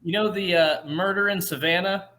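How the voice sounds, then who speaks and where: A young man co-hosting a podcast, an animated storyteller who laughs and slips into put-on voices. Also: high voice, normal speed. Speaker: podcast co-host. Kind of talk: casual chat.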